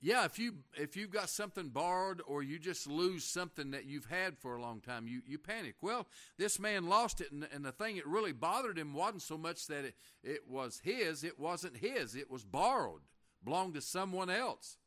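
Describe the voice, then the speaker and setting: A man preaching a folksy sermon, reading scripture slowly and asking the congregation questions. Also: on the high side, expressive, a bit bright. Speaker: pastor.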